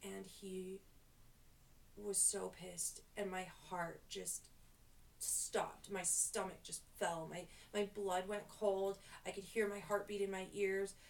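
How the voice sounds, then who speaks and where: A woman's voice: mid-range voice, flat delivery, takes it slowly, gravelly. A young woman hairstylist telling a story in a rambling, self-deprecating way for her vlog. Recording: voice distant from the mic.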